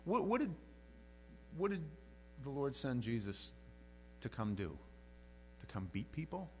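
A man preaching a sermon in a conversational, animated way, often restarting his sentences. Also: medium pitch, a little slow, slight background noise.

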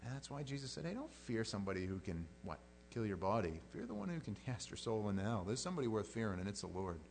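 A man preaching a sermon as pastor, conversational and animated, swinging between loud outbursts and quiet prayer. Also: fairly low pitch, quick pace, a little hiss or hum.

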